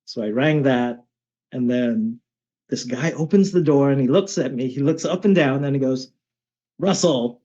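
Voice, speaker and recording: A man's voice: medium pitch, normal speed, mellow, muffled recording. A man telling stories as a podcast guest, chatty and casual, often tagging his sentences with "right?". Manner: chatty, with frequent "um" and "right?" tags. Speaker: martial arts instructor, guest. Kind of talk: conversational storytelling.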